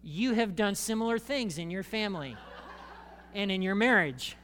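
A man preaching a sermon as a pastor, talking conversationally to the congregation with jokey asides and animated emphasis. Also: sits high, normal speed.

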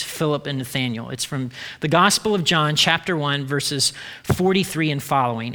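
A man's voice: fairly high pitch, sharp tone, in a large hall. A man preaching a sermon in a casual way with joking asides. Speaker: pastor.

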